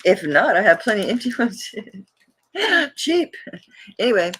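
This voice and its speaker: A woman's voice: medium pitch, very animated, normal speed, a little hiss or hum. A woman hosting a live jewelry auction, chatting casually and rambling, laughing often as she shows pieces. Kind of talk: casual live-stream selling chat.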